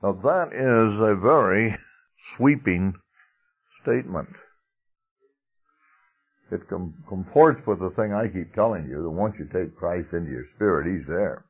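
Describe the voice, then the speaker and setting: A low-pitched man preaches a sermon with a husky edge to his voice. He talks conversationally and leans on key words, with a soft chuckle here and there. The recording sounds dull and lo-fi. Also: a little slow, long pauses.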